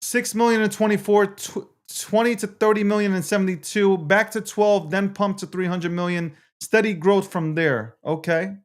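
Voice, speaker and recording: High-voiced, profane male livestream host. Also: fairly even intonation, moderate pace, few pauses. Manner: profane, swings between mock hurt and hype; reads viewer comments aloud. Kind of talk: casual live-stream chat.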